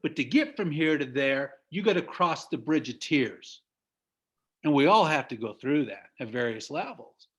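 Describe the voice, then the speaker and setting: A man's voice: a little high, animated, normal speed, fairly bright tone, husky, lo-fi sound. Emphatic middle-aged American man, preachy. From United States. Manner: emphatic, preachy, laughs at own stories. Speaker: business trainer. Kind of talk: motivational talk on a video call. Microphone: video call.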